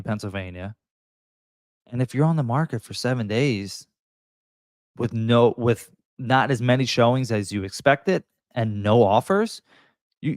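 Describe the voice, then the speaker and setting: Emphatic real estate agent. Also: male voice, mid-range voice, no echo, studio quality. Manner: emphatic, coaching tone, acts out buyers and sellers. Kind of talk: direct-to-camera advice talk.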